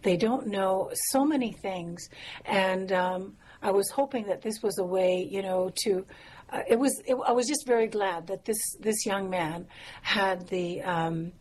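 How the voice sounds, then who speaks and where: A woman songwriter telling stories about her songs in a relaxed interview, pausing with fillers and soft laughs. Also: medium pitch, a little hiss or hum. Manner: warm, reflective, frequent fillers and soft laughs. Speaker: songwriter and musician guest. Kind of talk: casual interview conversation.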